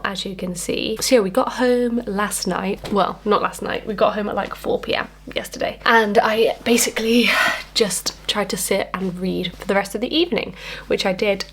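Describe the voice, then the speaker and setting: A woman's voice: mid-range voice, a little hiss or hum. Chatty woman doing a book vlog. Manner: chatty and enthusiastic, rambling with fillers. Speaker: book vlogger. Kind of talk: casual reading vlog chat. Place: at home.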